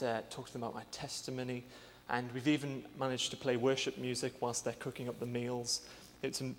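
A young man, a church intern, telling a personal testimony earnestly, with many pauses and fillers. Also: mid-range voice, long reverb tail, slight background noise.

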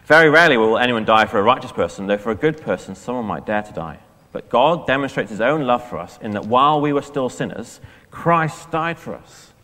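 A man preaching an all-age church sermon, chatty and lively, asking the children questions. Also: mid-range voice, fairly quick. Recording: long church reverb.

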